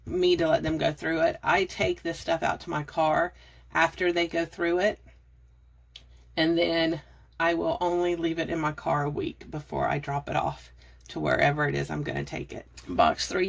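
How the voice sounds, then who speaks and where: Her fairly low-pitched voice has a creaky quality. She's a middle-aged budgeting and decluttering vlogger, out of breath as she rambles chattily through decluttering tips to her phone camera, casual how-to style.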